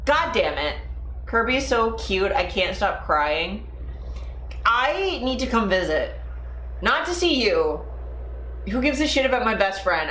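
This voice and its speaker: Woman streamer, lively swooping pitch, slow-paced, swears often, echoey room, faint ambient noise. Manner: profane, animated, talks to chat viewers. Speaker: livestream host. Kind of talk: casual live-stream chat.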